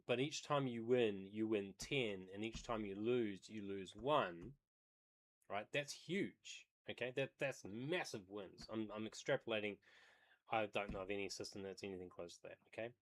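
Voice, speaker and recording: A man's voice: fairly low pitch, moderate pace. A man who day trades, livestreaming and thinking aloud as he comments on a video, hedging and explaining as he goes.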